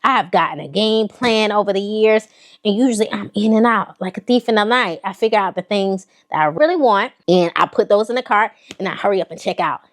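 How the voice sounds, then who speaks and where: Speaking fairly quickly at a medium pitch, a Southern-accented fashion vlogger displays her latest haul. She talks right to her viewers with animated, sassy, casual energy.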